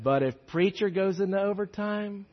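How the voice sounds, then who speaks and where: A man preaching a sermon as a pastor, telling stories with many restarts and shifting between loud and hushed delivery. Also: sits high, moderate pace, highs cut off.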